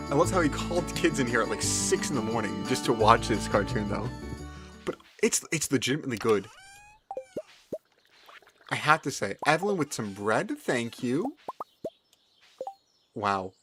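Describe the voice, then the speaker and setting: A man giving casual, playful commentary while he plays a farming video game. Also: medium pitch. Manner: animated, playful, chatty. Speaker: gaming video host.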